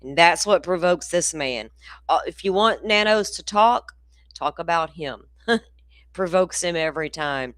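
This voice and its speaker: Folksy grandma chatting w viewers, y'all this y'all that, dry close sound. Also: female voice, fairly low pitch, expressive, measured pace, a bit bright, no echo. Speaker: true crime channel host. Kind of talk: casual livestream chat. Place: indoors at home in the country.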